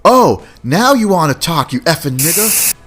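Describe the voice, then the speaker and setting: A man's voice: a little high, fast talker, a bit bright, faint music behind, pitched above the performer's own voice. A man voicing a hostile older man who picks a fight with a stranger on a train, aggressive and insulting.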